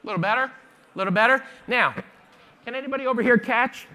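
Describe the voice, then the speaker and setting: High-voiced chatty photography teacher. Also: male voice, bright, forceful tone. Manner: chatty, jokey, fast-talking teacher quizzing the audience. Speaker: photography instructor. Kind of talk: live workshop demonstration. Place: conference stage before a live audience.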